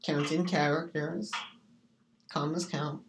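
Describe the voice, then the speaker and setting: A streamer talks slowly into a desk mic, goofy and rambling. They slip into sing-song nonsense rhymes and silly voices. A faint hiss sits under the voice. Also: mid-range voice, flat delivery. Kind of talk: rambling casual chat.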